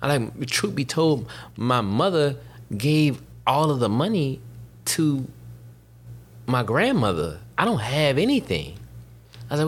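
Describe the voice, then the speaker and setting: A man in his thirties talking in a casual chat, rambling and halting, restarting his sentences. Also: mid-range voice, sing-song, husky. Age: 30s.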